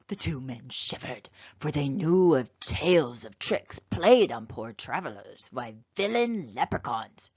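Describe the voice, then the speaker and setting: A woman reading a children's picture book aloud with expressive, dramatic narration. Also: very deep voice, unhurried, hardly any pauses, husky, no echo. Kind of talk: storybook read-aloud narration. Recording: slightly dull, dry lo-fi sound.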